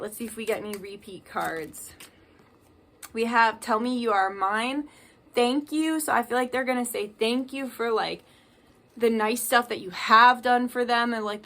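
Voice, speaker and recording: A woman's voice: a little high, bright, forceful tone. A woman giving a casual tarot card reading, chatty and reading card messages aloud with emphasis.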